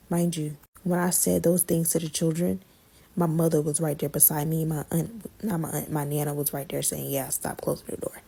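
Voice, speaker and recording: A woman tells a story on her podcast in casual, slangy chat. Her voice is husky and gravelly, with a low, mellow tone. She swings between loud outbursts and hushed asides. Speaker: podcast host telling a story.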